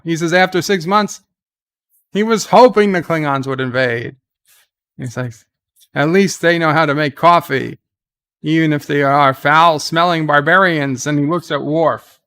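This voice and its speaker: A middle-aged man hosts a live reaction stream, narrating what happens on screen as casual commentary. He talks slowly and rambles, with plenty of fillers and restarts. His voice is smooth and clear and sits a little high for a man. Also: pushed and bright.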